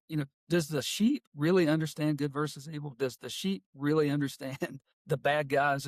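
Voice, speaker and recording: A man's voice: mid-range voice, no echo, studio quality. A middle-aged man, a workplace consultant talking in a folksy way and telling stories in an interview. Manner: folksy, with homespun phrases. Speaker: guest, workplace culture consultant and author. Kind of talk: casual interview talk and storytelling.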